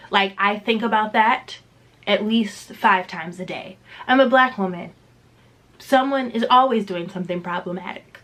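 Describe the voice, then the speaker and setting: A woman's voice: mid-range voice, pushed and bright, rough recording. A young woman reviewing a book in a casual vlog, candid and emphatic, swearing freely.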